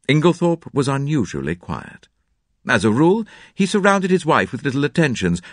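Low-voiced guy reading a mystery audiobook, swoops all over the place, dry close mic. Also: dry recording. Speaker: narrator. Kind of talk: audiobook narration.

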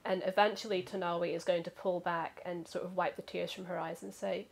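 A woman's voice: lowish voice, flat delivery, brisk, creaky, hardly any pauses, husky. A woman playing a tabletop role-playing game over a voice call, stammering and hesitant as she speaks for her character. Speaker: player. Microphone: computer mic on a voice call.

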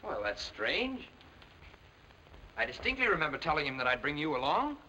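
Brief: a dashing prince, lively swoops, hissy old film sound. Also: male voice, fairly high pitch, moderate pace, heavily acted, poor audio. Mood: cheerful. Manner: playful, lively, tender in quiet scenes. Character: charming young prince courting a skater. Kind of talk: 1930s film acting.

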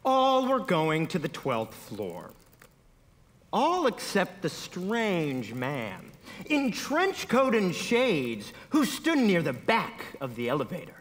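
A man's voice: sits high, wildly swooping pitch, slow pace, a bit bright, big-room sound. A man narrating a comedy sketch on stage in a mock-dramatic tone, correcting himself as he goes. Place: theater stage.

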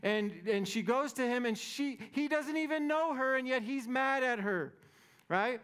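A man's voice: extremely high pitch, a little slow, a bit bright, smooth. A man preaching a sermon as pastor, conversational and playful, often checking in with the congregation. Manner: conversational, playful, keeps asking "right?".

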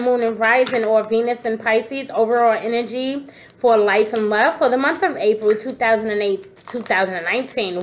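High-voiced sassy woman reading tarot. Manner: expressive, sassy, talks straight to viewers with endearments. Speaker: tarot reader. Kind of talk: casual tarot reading to camera.

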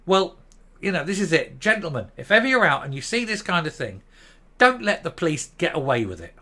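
A man's voice: on the high side, a little fast. Heated man in his fifties. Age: 50s. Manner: heated, blunt and profane, keeps stopping to calm down. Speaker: commentary channel host. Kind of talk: angry opinion rant to camera.

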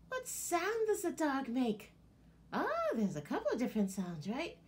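A librarian leads a children's storytime and sing-along, speaking in an animated way and addressing her listeners like friends. Her voice is high-pitched and her pace is normal.

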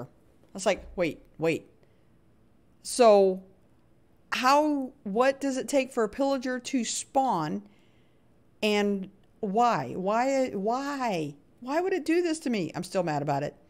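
A woman's voice: mid-range voice, takes it slowly. Chatty woman live-streaming a block game. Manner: chatty and expressive, hums little sound effects while playing; frequent laughs, jumps between hushed nervous asides and loud cheery greetings. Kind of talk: live gameplay commentary with chat greetings.

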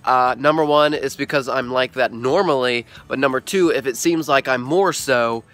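A man's voice: medium pitch, moderate pace, a bit bright, soft background music. A young man vlogging casually and goofily while recovering from being sick, joking at his own expense. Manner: goofy, playful, self-mocking. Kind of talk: casual vlog.

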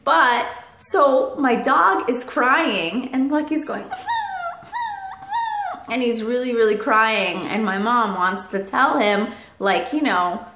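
A woman's voice: on the high side, takes it slowly, hardly any pauses, pushed and bright, reverberant, a little hiss or hum. A woman vlogger telling a casual story to camera at home, chatty, with fillers and asides to her parrot.

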